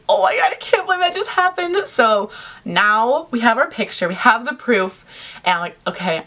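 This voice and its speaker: Chatty young woman vlogger. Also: medium pitch. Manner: chatty, animated, heavy use of "like". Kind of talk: casual storytelling to camera.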